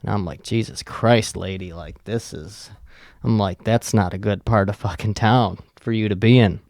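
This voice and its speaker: Gravelly low-voiced man, profane and rambling. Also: fairly even intonation, normal speed, darkish tone, no room sound, clean studio sound. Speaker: podcast host. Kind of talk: casual storytelling monologue.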